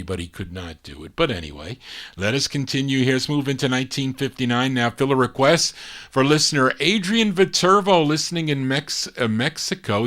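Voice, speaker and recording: A man's voice: on the low side, a bit bright. A man hosting a live record show, chatting through listener requests and record details with small stumbles. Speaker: radio-style show host and DJ.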